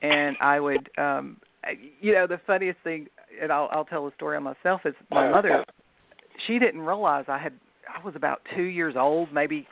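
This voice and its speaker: A woman's voice: sits low, normal speed, gravelly. A woman with a Southern US accent, telling stories as a guest in a casual chat. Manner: chatty storyteller. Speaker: guest author. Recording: dry phone-line audio.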